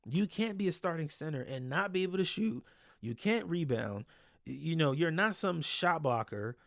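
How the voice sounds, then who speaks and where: A man's voice: on the high side, expressive, moderate pace, vocal fry, fairly bright tone, no room sound, clean studio sound. A man breaking down basketball game film in a casual, exasperated and blunt way, swearing freely.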